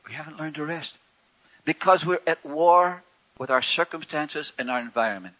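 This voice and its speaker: Folksy male preacher, bright forceful tone, somewhat high, swings between loud and soft. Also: normal speed, dull audio. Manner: folksy and conversational, with wry humor and sharp swings in loudness. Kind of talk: sermon.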